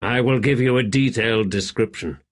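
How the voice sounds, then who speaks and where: A man voicing a calm, watchful male slave in a quiet, measured manner. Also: mid-range voice, natural voice.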